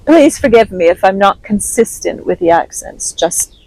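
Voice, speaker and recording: A woman's voice: medium pitch, lively intonation, moderate pace, a little mellow, low-quality recording. A woman with a transatlantic accent reading a story aloud expressively, then chatting casually and self-deprecatingly with her listeners. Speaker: audiobook reader.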